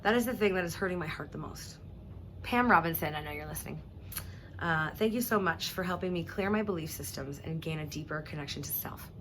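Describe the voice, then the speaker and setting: A woman speaking earnestly and emotionally to her viewers, halting now and then and clearing her throat, close to tears. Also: sits low, a bit bright, slight background noise. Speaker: vlogger. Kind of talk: emotional personal address to viewers.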